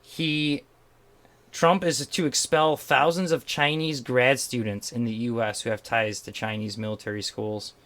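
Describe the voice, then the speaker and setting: A man's voice: medium pitch, fairly even intonation, measured pace, a bit bright. A man hosting a casual podcast, joking and rambling while reading out news headlines. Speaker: podcast host. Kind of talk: casual chat.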